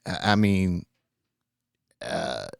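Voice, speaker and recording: A man with a lowish voice talks through a casual podcast chat in an earnest, rambling way, swearing freely and trailing off into fillers. His voice sits close on a studio mic with a dry, dead sound. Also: sing-song, drawn-out words, gravelly, no echo. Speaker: podcast co-host.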